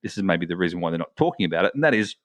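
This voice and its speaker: A man's voice: sits low, lively intonation, rapid-fire, no room sound, clean studio sound. A man co-hosting a podcast in casual chat, telling long rambling stories full of restarts. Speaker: podcast co-host.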